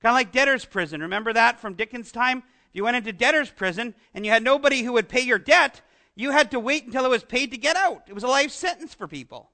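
A Canadian man preaching in a loose, conversational way, his voice sitting very high for a man and sounding bright and forceful. He jokes with his listeners, backs up and restarts his sentences, and wanders into friendly asides. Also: lively intonation, fast. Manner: chatty, joking with the congregation, many restarts and asides. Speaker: pastor. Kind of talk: conversational sermon.

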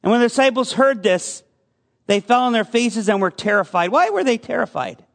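Guy pastor preaching, pretty high voice, chatty, asks the room questions. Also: animated, fairly quick, creaky, fairly bright tone. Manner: conversational preaching with audience questions. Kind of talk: sermon.

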